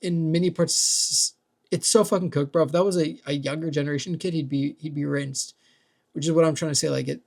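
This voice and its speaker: A young man delivers a loose, meandering rant and swears freely as he goes. His voice sits a little high and has a gravelly fry to it. He keeps filling gaps with "like" and "dude". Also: steady tone, a little fast, darkish tone. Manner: rambling, profane, heavy use of "like" and "dude". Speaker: vlogger. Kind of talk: casual rant.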